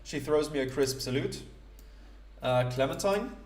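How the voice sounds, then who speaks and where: A man talking through a role-playing game as he plays, stopping and starting with filler words and poking fun at himself. His voice sits a little high for a man, and it carries a roomy echo. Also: lively intonation, darkish tone. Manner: halting, many fillers, self-deprecating. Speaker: let's play host. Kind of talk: casual gameplay commentary.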